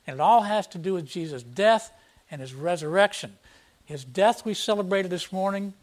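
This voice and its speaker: A man's voice: high voice, moderate pace. A man preaching a verse-by-verse sermon, explaining scripture in a plain teaching tone and reading passages aloud with emphasis. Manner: emphatic, reads scripture aloud with rising force. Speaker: pastor. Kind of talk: expository sermon.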